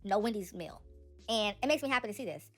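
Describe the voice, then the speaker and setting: A young woman giving casual, animated celebrity gossip commentary, talking straight to her viewers. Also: mid-range voice, quick pace, soft background music.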